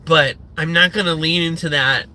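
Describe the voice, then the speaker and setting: Bright-voiced, sarcastic ranting man. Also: on the high side, steady tone, normal speed. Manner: sarcastic, profane, rambling with many fillers. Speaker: livestream host. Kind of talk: profane livestream rant.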